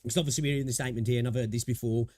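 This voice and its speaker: A man livestreaming casual commentary as he reacts to a video. He thinks out loud, rambles, laughs easily, and keeps checking in with "right?". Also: medium pitch, fairly even intonation, racing.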